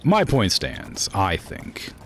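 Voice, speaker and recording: A man's voice: low-pitched, wildly swooping pitch, takes it slowly. Brief: young male streamer, rambling and filler-heavy, noisy stream audio. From Florida. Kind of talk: casual gameplay stream chat.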